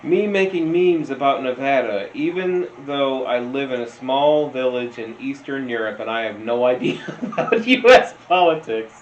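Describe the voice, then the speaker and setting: With an expressive, medium-pitched voice, a man reacts to memes in a slow, rambling, casual way, swapping stories and laughing often. The sound is lo-fi, dull and roomy, with faint noise.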